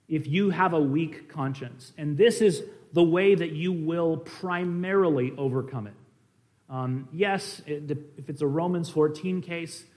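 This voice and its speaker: A male preacher with a somewhat high voice teaches in a conversational sermon style. He stresses points emphatically, then drops into quiet asides, with frequent fillers and restarts. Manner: swings between emphatic and quiet.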